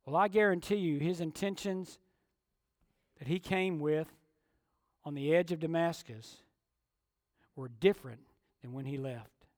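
A male preacher with a high voice delivers a sermon in an emphatic style. He rises to forceful declarations, then drops to hushed tones. The sound is dry and close, with no room echo. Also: a little slow, pauses often.

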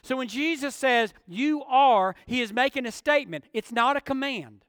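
A man delivers a sermon with an emphatic preaching manner. His voice sits very high for a man. The recording is dry up close but carries a long hall reverb behind it. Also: lively intonation, moderate pace, fairly bright tone. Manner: emphatic preaching with rhetorical questions. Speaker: pastor.

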